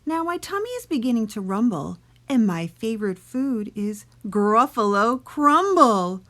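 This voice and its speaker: A woman's voice: on the high side, sing-song, moderate pace, mellow. A woman voicing a small, clever and cheeky male mouse in a storybook read-aloud.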